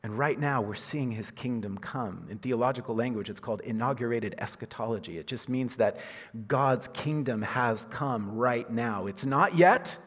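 A man preaching a sermon as a pastor, animated, moving from loud emphasis to hushed asides and laughing at himself. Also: mid-range voice, normal speed. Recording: husky voice in a reverberant hall.

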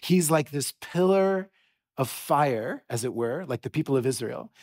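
A middle-aged man preaching a sermon in a church, telling a story with animated energy and frequent restarts. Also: mid-range voice, a little slow. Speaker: pastor.

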